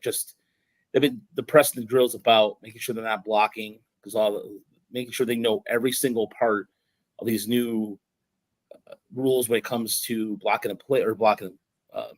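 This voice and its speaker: On a casual sports podcast, a male host with a lowish voice rambles through stories packed with restarts and fillers, getting animated when something excites him. The recording is close, dry and rough, with no room sound.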